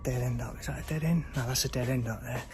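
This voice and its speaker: A man's voice: mid-range voice, fast talker, darkish tone. A man exploring an abandoned building alone at night, whispering his fear and swearing often into a handheld camera. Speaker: solo paranormal explorer.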